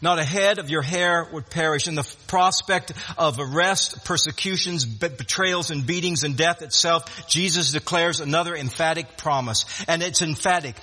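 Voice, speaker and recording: A man's voice: on the high side, normal speed, few pauses, sharp tone, husky, in a large hall. A man preaching a sermon in an emphatic way, often repeating words and restarting phrases.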